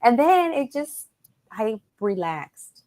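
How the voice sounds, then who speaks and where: A woman guest on a chat show, an animated storyteller who acts out quoted voices and mixes Spanish words into her English. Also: a little high, takes it slowly. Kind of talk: casual chat.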